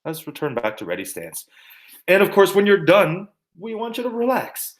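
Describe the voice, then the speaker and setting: An animated male martial arts instructor teaches basic terms with playful memory tricks. His pitch swings widely as he jokes and demonstrates, and his delivery is loose and conversational. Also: normal speed. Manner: animated, jokey, sings and mimics to teach words. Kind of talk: teaching terminology with playful mnemonics.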